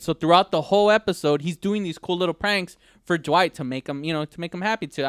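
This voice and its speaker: A young man co-hosting a new live internet radio show, retelling a TV episode in a rambling, animated way with many restarts. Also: a little high, fast talker, clean tone, no room sound, clean studio sound. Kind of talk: casual chat.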